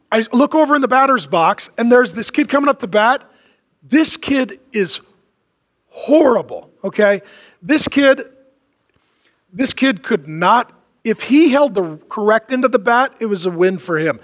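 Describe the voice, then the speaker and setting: A male pastor preaching a sermon, telling a joking story, then dropping low and slow for emphatic points. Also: fairly bright tone, in a large hall. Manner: humorous storytelling, drops to low emphatic lines.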